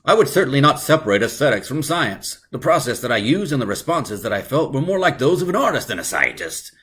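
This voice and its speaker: A man's voice: very animated, fast. A man putting on an old-fashioned 1950s scientist voice for a quotation, in an earnest put-on accent. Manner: put-on accent, a touch higher and louder.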